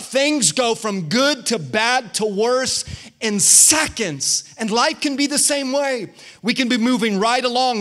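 High-voiced fervent preaching man. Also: a bit bright. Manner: fervent preaching with call-outs to the congregation. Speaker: guest pastor. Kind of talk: energetic online sermon.

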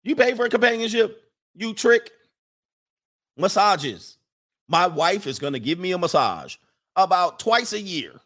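A man's voice: sits high, very animated, measured pace, pauses often, fairly bright tone. A man hosting a livestream, lecturing viewers in an emphatic, mocking way and reeling off long lists. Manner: emphatic, preachy, list-making, mocking. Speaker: livestream host. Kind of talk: casual advice monologue to viewers.

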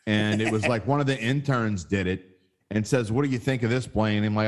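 A man's voice: lowish voice, a little fast. A man co-hosting a casual sports betting podcast, wry and teasing, laughing often.

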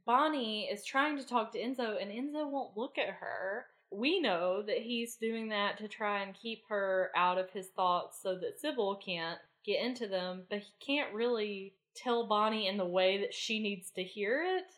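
A woman's voice: medium pitch, a little slow, few pauses, a bit bright. A woman co-hosting a podcast, chatting casually and eagerly recapping a TV episode. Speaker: podcast co-host.

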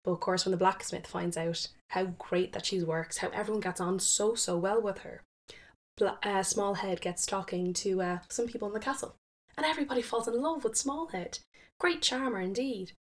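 A woman casually retelling a folktale, chatty, with fillers and quick self-corrections. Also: mid-range voice. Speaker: storyteller.

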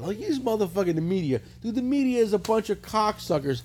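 A middle-aged man with a high, lively voice rattles through a story at top speed, swearing constantly. He hosts a loose, casual chat, and his pitch swings up and down all the way through. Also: fast. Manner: profane, animated storytelling. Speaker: podcast host.

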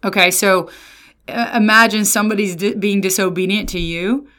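A woman pastor giving a casual Bible lesson, lively and often slipping into sarcastic quoted voices. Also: medium pitch, moderate pace. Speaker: pastor and resident theologian.

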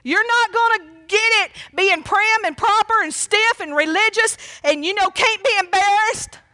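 A woman preaching a sermon, folksy and fervent, breaking into loud cries when she quotes a plea for mercy. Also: extremely high pitch, moderate pace, no room sound. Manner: fervent, folksy, exclaims praise often; rises to shouting when quoting cries for mercy.

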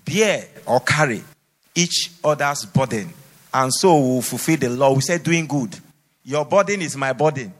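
A man's voice: medium pitch, expressive, moderate pace. Man preaching in an echoing hall. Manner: emphatic, repetitive exhortation. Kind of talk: sermon. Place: church hall. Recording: long hall reverb.

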